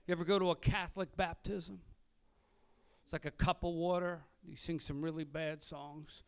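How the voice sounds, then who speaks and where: Middle-aged philly guy doing stand-up, high smooth voice, swears a lot, acts out all the characters. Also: fairly even intonation, normal speed. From Philadelphia. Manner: brash, profane, acts out dialogue in other voices. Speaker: stand-up comedian. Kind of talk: stand-up comedy set.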